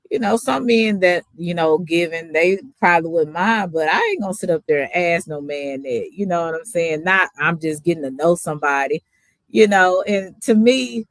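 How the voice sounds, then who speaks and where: A woman hosting a casual panel chat, talking slowly and reflectively with lots of "you know" fillers. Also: lowish voice, dry recording. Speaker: host.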